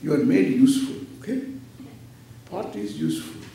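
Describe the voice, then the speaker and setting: A man's voice: on the high side, lively intonation, moderate pace, creaky, warm tone. A man, a Vedanta teacher giving a playful scripture lecture and acting out little dialogues. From India. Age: 70s. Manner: playful, acts out dialogues with laughter. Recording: echoey hall, distant mic, faint noise.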